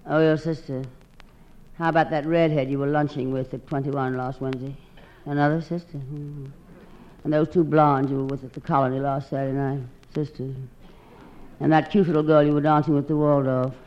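A woman with a husky, theatrical drawl doing a sardonic, self-mocking comic monologue as one side of a phone call. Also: sits low, flat delivery, brisk. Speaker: comedienne. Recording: dull old recording with loud hiss.

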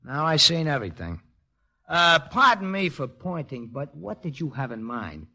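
An actor playing a tough-talking, streetwise war veteran who narrates the story in a 1940s radio drama, full of slang and wisecracks. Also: male voice, fairly high pitch, sing-song, moderate pace, bright, forceful tone, full character voice. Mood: sardonic. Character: wisecracking streetwise man, war veteran, gruff but kind. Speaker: narrator and lead character.

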